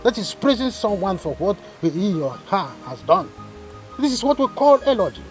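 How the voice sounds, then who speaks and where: A man's voice: high voice, big pitch swings, moderate pace, faint music behind. An actor with a Nigerian accent playing a pompous, boastful man who misuses big words, in a Nollywood drama. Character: pompous boastful middle-aged man, self-styled scholar. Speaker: pompous younger brother of the chief. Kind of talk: Nollywood film acting.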